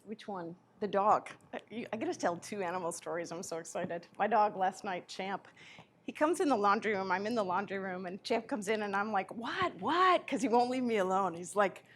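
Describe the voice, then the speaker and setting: A woman with a mid-range voice tells personal stories to a live audience. She speaks as a spiritual teacher, animated and chatty, and often stops to rephrase herself mid-sentence. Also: mid-range voice, brisk, slight background noise. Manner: animated anecdotes with self-corrections. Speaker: spiritual teacher giving a lecture. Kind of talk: live lecture storytelling.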